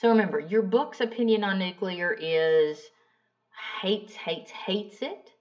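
A young adult woman teacher talks through a lesson in a casual, chatty way and slips easily into storytelling. Her voice sits at a middle pitch. The recording sounds dull and lo-fi. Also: a little slow, recorded from a distance. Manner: chatty, animated storyteller acting out dialogue. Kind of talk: casual classroom lecture with storytelling.

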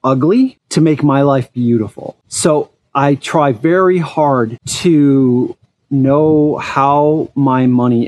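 A man's voice: medium pitch, darkish tone. A man hosting an eFoil channel, talking frankly in a casual monologue and telling personal stories.

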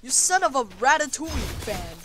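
A speaker giving live gameplay commentary, trash-talking opponents and swinging between low mutters and sudden yells. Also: sing-song, moderate pace. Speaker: gamer.

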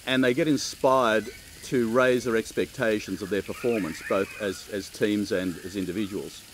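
A middle-aged man with an Australian accent, giving chatty, relaxed interview answers and laughing easily. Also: lowish voice, normal speed, slight background noise, low-quality recording. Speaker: keynote speaker.

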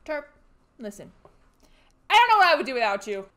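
A woman streaming a horror video game, giving jumpy, excitable commentary and shouting back at the game's characters when she gets scared. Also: high voice, brisk. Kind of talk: let's play commentary.

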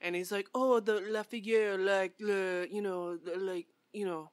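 A woman's voice: medium pitch, steady tone, measured pace, no room sound. A young woman co-hosting a podcast, chatting casually and telling playful, joking stories. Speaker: podcast co-host. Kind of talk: casual chat.

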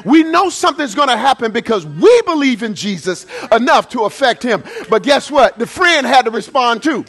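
A man preaching from the pulpit, his voice pitched unusually high and bright. He tells his points in a folksy, playful way, rising to shouts and dropping to near-quiet asides, with a lively, swooping melody. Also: normal speed. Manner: preaching with rising shouts and dramatic swings of volume; folksy, playful storytelling with acted quotes. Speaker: pastor. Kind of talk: sermon.

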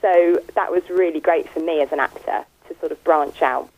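A young British actress chatting in an interview, giggly and full of ums, heard over a phone line. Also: female voice, low voice, moderate pace. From Britain. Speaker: actress guest. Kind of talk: casual interview. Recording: tinny phone-line radio sound.

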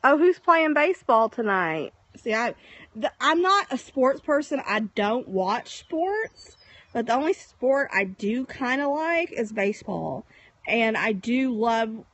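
A woman hosting a casual live stream from the countryside at sunset, chatting warmly and greeting viewers by name on her phone. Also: on the high side, very animated, measured pace, no room sound. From Texas. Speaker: livestream host.

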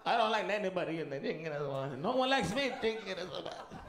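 A man's voice: high-pitched, animated, fast, creaky, fairly bright tone, full character voice. A man doing a drunk, bitter uncle. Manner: grumbling, self-pitying. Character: drunk, bitter, self-pitying Mexican uncle. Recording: echoey room with background noise.

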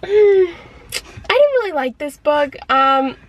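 A woman's voice: extremely high pitch, sing-song, slow, lo-fi sound, a little hiss or hum, voice pushed up, exaggerated voice. A young woman mimicking a sulky, bored college girl.

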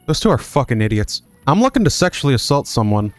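A man's voice: mid-range voice, big pitch swings, fast talker, hardly any pauses. A man who streams games, giving crude, joking, rambling commentary as he plays. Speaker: gaming streamer. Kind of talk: casual gameplay commentary.

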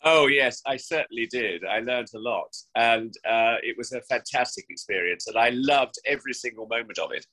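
Speaking at normal speed with hardly any pauses, this man in his sixties has a sharp, mid-range voice. He's an actor from England's West Country, gushing and theatrical in a remote lockdown interview from home, often starting over. The audio is low quality.

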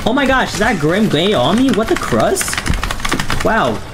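Excitable young male game streamer. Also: a little slow, noisy background. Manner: excitable, jumps to high yelps, casual slang. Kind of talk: casual live-stream chat while gaming. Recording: loud keyboard clicks behind. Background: keyboard typing.

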